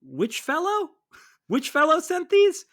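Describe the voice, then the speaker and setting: A flustered alien woman with a high, fluttery voice that leaps up and stumbles over her words, as a man puts her on while retelling a comic. Her hesitant lines sound bright and edgy. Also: sing-song, slow, exaggerated voice. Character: startled soft-spoken alien woman, flustered.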